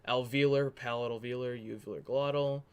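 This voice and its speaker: A man hosting a casual livestream, his voice at an ordinary middle pitch. He rambles, restarts and corrects himself as he talks. Keys clatter under his voice as he types. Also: fairly even intonation, normal speed, a little mellow, clear, resonant tone. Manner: rambling, self-correcting, chatty. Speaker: livestream host. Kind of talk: casual livestream chat while working on a document.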